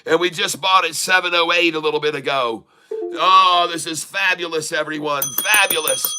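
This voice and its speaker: A man giving excited live commentary on his own stock trades, hyping the moves like a showman and repeating prices over and over. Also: fairly high pitch, clean tone. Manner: showman hype, drawn-out exclamations, repeats prices. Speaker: day trader streaming live.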